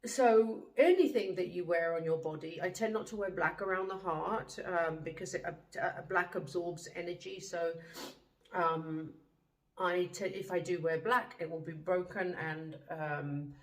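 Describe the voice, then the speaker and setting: A woman's voice: on the low side, reverberant, poor audio. Earnest woman giving spiritual teachings. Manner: earnest, emphatic declarations with frequent ums. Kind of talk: spiritual monologue to camera.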